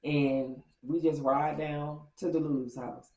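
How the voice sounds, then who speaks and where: A woman vlogger telling a story in a casual, animated way, acting out quotes with big jumps in pitch. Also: slow pace, reverberant, muffled recording.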